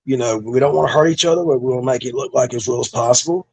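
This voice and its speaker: A man's voice: mid-range voice, very fast, vocal fry, a little mellow, husky. A middle-aged man, a former pro wrestler, telling stories from his career in a laid-back, profane way, with lots of fillers. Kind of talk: casual storytelling interview.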